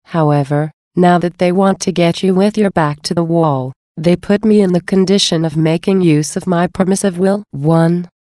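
A woman's voice: fairly low pitch, no room sound, clean studio sound, close to an everyday voice. A woman reading a tender, consoling male Jesus. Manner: tender, gentle. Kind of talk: devotional reading.

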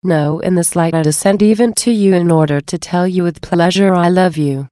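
A woman voicing Jesus as a gentle, loving divine speaker, in a slow, measured devotional reading. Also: on the low side, no room sound, clean studio sound, lightly acted. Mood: tender.

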